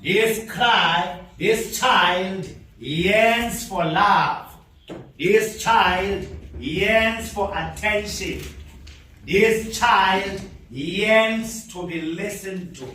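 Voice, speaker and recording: A man giving an impassioned speech at a training event. He speaks in an oratorical way, repeating phrases with long dramatic pauses. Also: sits high, sharp tone, slight background noise. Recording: echoey hall from far off.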